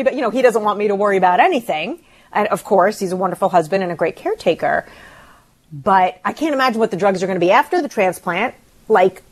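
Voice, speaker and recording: A middle-aged woman co-hosting a radio show, talking in a shaken, emotional way with halting restarts. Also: mid-range voice, breathy edge. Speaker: radio co-host. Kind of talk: casual radio talk.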